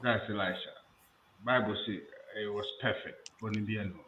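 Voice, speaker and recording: A man's voice: fairly low pitch, fairly even intonation, moderate pace, bright, forceful tone, roomy sound, slight background noise, low-quality recording. A Ghanaian man arguing his opinions in casual talk show discussion, citing Bible stories. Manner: opinionated, argues with Bible examples.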